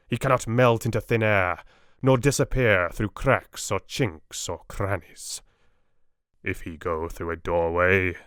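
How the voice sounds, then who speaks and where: Guy doing an old dutch professor, slow and grave, broken english, low-ish voice, dry close sound. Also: fairly bright tone, smooth, dry recording. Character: elderly Dutch male professor, earnest, wise and patient. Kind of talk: audiobook character reading.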